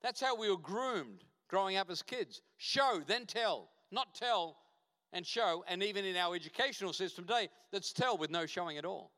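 Guest pastor, male, high voice, emphatic sermon delivery in a church hall with a long echo. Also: expressive, moderate pace, bright, forceful tone. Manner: emphatic, repeats short punchy phrases.

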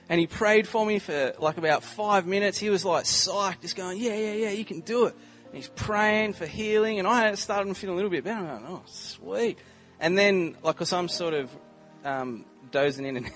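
Chatty young Australian preacher, higher voice. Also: male voice. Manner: chatty, humorous storytelling with many "like" and "um" fillers. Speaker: visiting preacher. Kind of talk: casual testimony in a sermon.

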